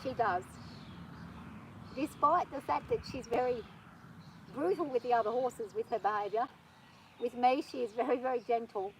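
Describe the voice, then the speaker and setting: A woman vlogging from horseback on her farm, talking nervously and gently soothing her horse. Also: on the high side, normal speed, pauses often, a little hiss or hum, rough recording. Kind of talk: casual spoken vlog.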